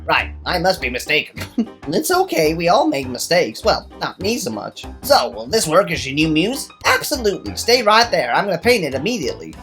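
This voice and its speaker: A swaggering cowboy painter who thinks he never makes mistakes, talking in a put-on Wild West drawl, as a woman plays him. His pitch rises and falls with great bounce. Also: sing-song, moderate pace, fairly bright tone, soft background music. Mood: boastful. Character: boastful male cowboy painter.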